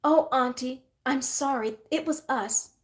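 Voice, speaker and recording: Give me a high, pert little storybook girl, as a woman puts her on. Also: a little slow. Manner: pert, eager. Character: sassy bold little girl.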